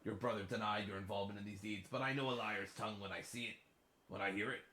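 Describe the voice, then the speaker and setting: Man putting on a pirate voice, mock pirate accent, solemn theatrical reading, bright, echoey. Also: on the low side, fairly even intonation, fast talker. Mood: menacing. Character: old-timey male pirate writing a farewell journal.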